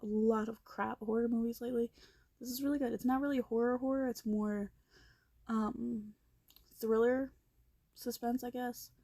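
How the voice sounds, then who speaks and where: A young woman casually recapping a movie while she watches it at her computer, blunt and profane, with animated reactions and quiet asides. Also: a little high, creaky.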